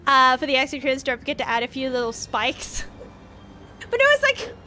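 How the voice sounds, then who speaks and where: A woman with an Australian accent chats loosely on a live stream, her voice high and bright. She rambles and trips over her own sentences, restarting often and swearing casually. Faint music plays behind her. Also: very animated. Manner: rambling, halting, with frequent restarts. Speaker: VTuber streamer.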